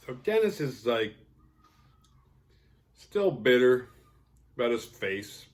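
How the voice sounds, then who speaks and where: A man's voice: mid-range voice, animated, a little slow, pauses often. A man casually recapping a horror film, sarcastic and profane, acting out the characters' lines. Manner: profane, sarcastic, acts out quoted characters with laughs.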